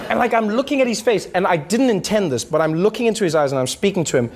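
A man doing stand-up comedy, telling stories with lively voice impressions. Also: extremely high pitch, quick pace, few pauses. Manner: animated storytelling with playful voice impressions. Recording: live room with crowd noise.

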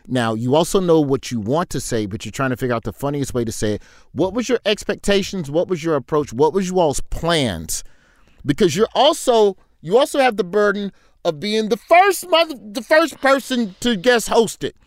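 A man's voice: high voice, big pitch swings, normal speed, no echo, studio quality. Slangy male interview host. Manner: slangy, asks stacked questions. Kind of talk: casual interview.

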